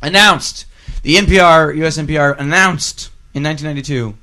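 Guy on a podcast reading funny news bits, kinda high bright voice. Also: fairly quick. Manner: reads news items aloud, jokey. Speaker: podcast co-host. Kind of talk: casual podcast chat.

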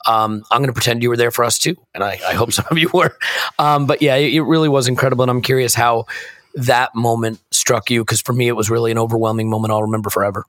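Croaky guy hosting a podcast from a hotel room, hoarse, rambly, jokes at himself, dry sound. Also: mid-range voice, fairly even intonation, fast, a bit bright, no echo. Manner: self-deprecating, rambling. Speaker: podcast host. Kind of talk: casual chat.

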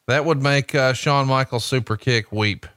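A man doing wrestling color commentary, deadpan and joking, slipping in made-up answers with a straight face. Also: medium pitch, normal speed, no echo, clean studio sound.

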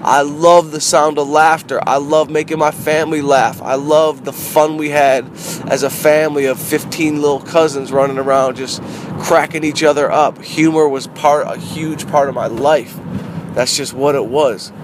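A middle-aged man, a comedian, talking casually in a car in a rambling, animated way that repeats phrases. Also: fairly high pitch, normal speed. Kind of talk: casual car vlog monologue. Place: inside a parked car. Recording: noisy street ambience.

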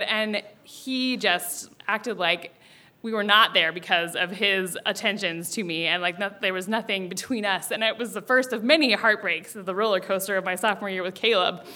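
A young woman telling a personal story live, animated and self-mocking, often laughing. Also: mid-range voice.

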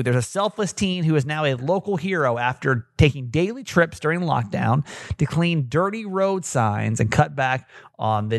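A man's voice: on the high side, vocal fry, no room sound. A man hosting a casual podcast, rambling and self-mocking with many hesitations. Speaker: podcast host. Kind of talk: casual chat.

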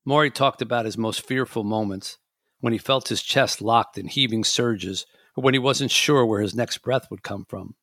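A man reading a memoir aloud in a measured, reflective way. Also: medium pitch, fairly bright tone, no echo, clean studio sound. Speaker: audiobook reader and podcast host.

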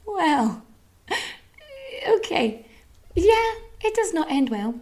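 A woman's voice: fairly high pitch, lively intonation, measured pace, darkish tone. A woman hosting a podcast, telling a history story in a casual, rambling way with lots of fillers and swearing. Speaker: podcast host.

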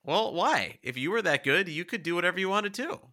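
A man's voice: high-pitched, a little fast, no room sound. A man co-hosting a podcast, chatting casually and ranting with indignation. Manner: animated, indignant rants. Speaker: podcast co-host. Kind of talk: casual chat.

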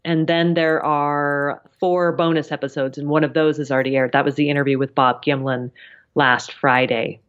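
A woman's voice: low-pitched, moderate pace. Woman journalist guesting on a podcast, friendly and chatty, kinda muffled lo-fi sound. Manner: friendly, lively, explanatory. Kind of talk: casual interview chat.

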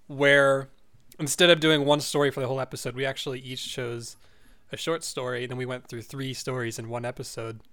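A man's voice: mid-range voice, little pitch movement, brisk, sharp tone. A man hosting a podcast in casual, playful chat with friends. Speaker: podcast host.

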